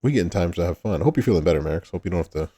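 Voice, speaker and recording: A man's voice: sits low, lively intonation, rapid-fire, mellow, breathy edge. A man hosting a casual livestream, greeting chat viewers by name and laughing often. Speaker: livestream host.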